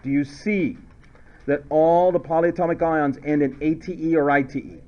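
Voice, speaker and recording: A male chemistry teacher lecturing a class in a playful way, now and then shouting silly memory phrases. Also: on the high side, fairly even intonation, normal speed. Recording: dull lo-fi classroom recording.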